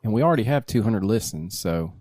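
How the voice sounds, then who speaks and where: A man's voice: fairly low pitch, lively intonation, fast, a little mellow, dry recording, studio quality. A man co-hosting a casual podcast, rambling loosely and laughing mid-sentence as he reads out listener comments. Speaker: podcast co-host.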